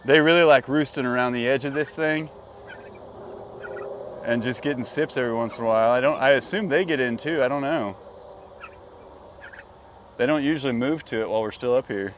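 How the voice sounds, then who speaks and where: A man's voice: mid-range voice, fairly quick, pauses often, slight background noise. A man hosting a farm vlog outdoors, chatting casually and talking fondly to his animals. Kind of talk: casual chat while doing farm chores.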